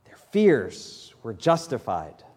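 Conversational preacher in a reverberant church. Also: male voice, mid-range voice, wildly swooping pitch, takes it slowly, darkish tone, husky. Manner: conversational preaching, rising emphatic delivery. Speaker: pastor. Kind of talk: sermon. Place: church sanctuary. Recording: long hall reverb in church.

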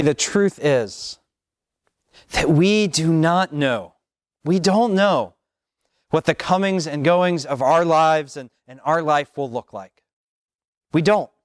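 Pastor guy preaching real slow, a bit high voice, dry sound. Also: no echo. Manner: slow, measured preaching with repeated phrases and long pauses. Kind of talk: sermon.

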